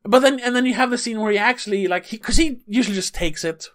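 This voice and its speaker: A man co-hosting a casual film review podcast, animated and swearing, acting out quotes in passing. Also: sits high, fast. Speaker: podcast co-host.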